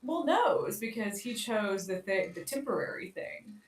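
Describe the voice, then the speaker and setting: A woman's voice: medium pitch, expressive, normal speed, far from the mic. Woman podcast co-host. Chatty, filler-heavy storyteller, a bit off-mic in an echoey room.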